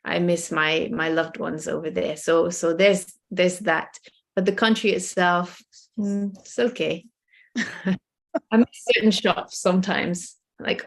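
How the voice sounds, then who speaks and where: Interview guest: woman from the Netherlands, low voice, sincere, pauses often. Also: steady tone, creaky. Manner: earnest, many pauses and um's. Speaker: guest, medical missionary. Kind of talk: interview answers.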